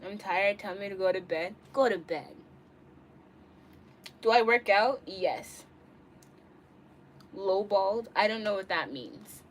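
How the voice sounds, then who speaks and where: Streaming live from her bedroom, a bubbly young woman chats with viewers and answers their comments, playful and giggly as she jumps from loud outbursts to quiet mumbles. Her voice sits at a medium pitch, and she talks slowly, pausing often.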